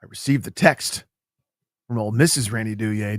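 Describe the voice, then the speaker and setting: A man's voice: fairly low pitch, moderate pace, no room sound. A male sports radio host telling stories in casual, playful banter into a studio mic. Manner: playful, storytelling, animated.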